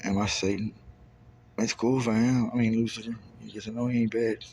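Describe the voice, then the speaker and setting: A man in his thirties from Kentucky delivers a self-recorded, stream-of-consciousness monologue, swearing often, jumping between ideas, and sliding into loose rhymes and wordplay. His fairly low voice is level, brisk, a little mellow, and slightly rough.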